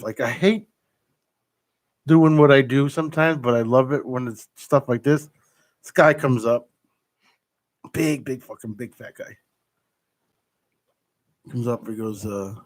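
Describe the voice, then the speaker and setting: A man's voice: mid-range voice, dry recording. A man hosting a radio show, telling stories in loose, swearing banter. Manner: animated storyteller, swears freely. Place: radio studio.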